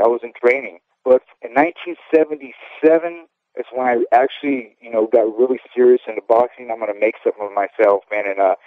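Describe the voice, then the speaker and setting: Over a thin, phone-like line with a dry, close sound, a man in his fifties rambles candidly through his memories. His voice sits at an ordinary middle pitch, and he keeps tagging his points with little check-ins to the listener. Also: no echo. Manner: candid and rambling, often tags "okay?". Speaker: interview guest, former boxer. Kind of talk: casual phone interview.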